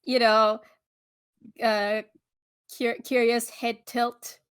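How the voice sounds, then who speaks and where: A woman's voice: a little high, little pitch movement, extremely slow, fairly bright tone, clear, resonant tone, dry recording, studio quality. A young woman playing a tabletop game, playful and sing-song. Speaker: player.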